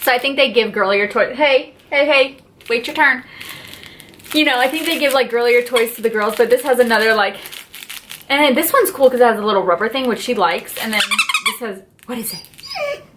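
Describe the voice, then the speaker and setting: A woman's voice: on the high side, a little fast, a bit bright, slight background noise. A woman vlogger gushing in a casual haul and unboxing video, chatty and full of fillers like "like" and "just".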